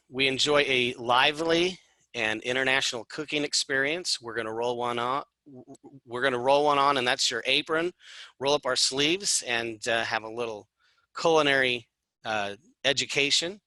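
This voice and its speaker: Man, tour presenter, very bright tone, dry close sound, chatty and upbeat. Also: mid-range voice, no echo, rough recording. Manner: chatty, upbeat, with fillers and asides. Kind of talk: informal travel presentation.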